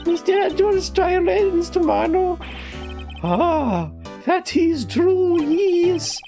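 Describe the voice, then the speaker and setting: A man voicing a pompous older male lawyer in a game, with a high, drawn-out, sing-song delivery. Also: expressive, dark tone, faint music behind, full character voice. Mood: grandiose. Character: pompous old male lawyer, reminiscing, theatrical.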